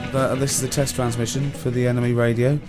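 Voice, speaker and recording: A man's voice: medium pitch, little pitch movement, fast talker, over music. Incredulous, argumentative man on radio. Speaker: radio co-host. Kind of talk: casual radio chat.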